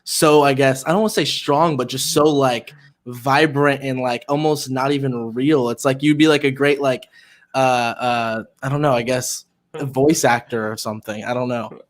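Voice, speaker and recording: A man's voice: medium pitch, fairly even intonation, moderate pace. A man from Florida, a podcast co-host chatting casually and rambling with many fillers. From Florida, United States. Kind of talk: casual chat.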